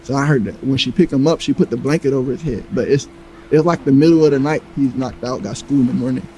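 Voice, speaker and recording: A man casually telling a tense personal story, animated and profane, acting out what others said. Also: mid-range voice, fast talker, slight background noise, low-quality recording. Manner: animated, acts out quoted lines, heavy profanity.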